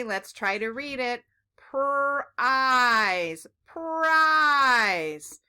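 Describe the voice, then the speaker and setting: Woman teacher, children's phonics lesson; slow, bright, encouraging sing-song delivery. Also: medium pitch, clear, resonant tone.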